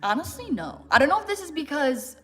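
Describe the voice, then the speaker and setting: A very animated American woman in her 20s hosts a fitness livestream, her high voice moving a little fast over faint background music. She's chatty, answering viewers' questions casually, with frequent laughs and plenty of fillers and "like."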